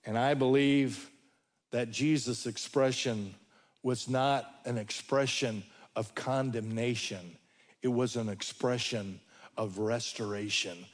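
A male preacher delivering a sermon, telling stories with folksy humor and dramatic pauses. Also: mid-range voice, fairly even intonation.

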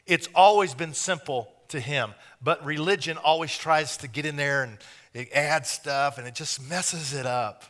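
A man preaching a sermon in a folksy, joking way, building up to loud, animated emphasis. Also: a little high.

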